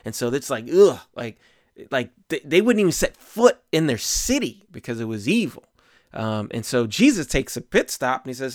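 A man's voice: mid-range voice, sing-song, moderate pace, a little mellow, dry recording, clean studio sound. A man giving an informal sermon and reading scripture aloud, talking conversationally with lots of fillers and repeated words. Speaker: preacher.

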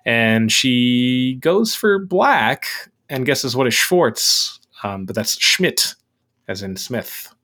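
A man's voice: mid-range voice, animated, takes it slowly, pushed and bright. A man co-hosting a podcast, recapping a quiz show episode in casual, curious conversation. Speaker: podcast co-host.

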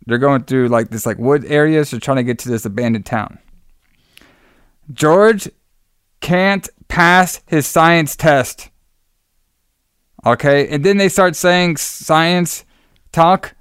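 A man's voice: on the high side, slow pace, pauses often, a bit bright, smooth, no room sound, clean studio sound. A man co-hosting a show, casually recapping a horror movie, swearing often, laughing and acting out the characters' lines. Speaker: podcast co-host.

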